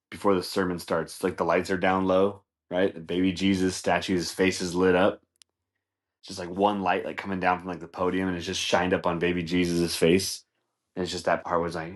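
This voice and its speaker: Male podcast host, very low voice, loose profane comic rambler who acts out bits. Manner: rambling, profane, laughs often, acts out scenes. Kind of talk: casual comedic monologue.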